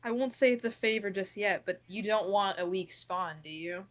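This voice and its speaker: Quiet woman talking in character. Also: medium pitch, normal speed. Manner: quiet, curt, speaking in character. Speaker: player. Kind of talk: in-character tabletop game play.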